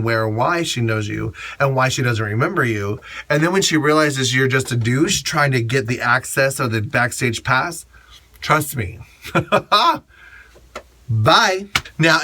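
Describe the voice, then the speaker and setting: A drag queen gives etiquette advice in a blunt, sassy vlog monologue and swears without hesitation. His voice is bright and sits a little high for a man, with a lively, conversational edge.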